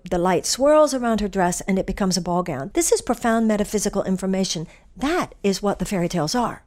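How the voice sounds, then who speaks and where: A woman giving an inspirational talk, earnest and animated as she tells a story. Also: on the high side. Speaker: spiritual teacher.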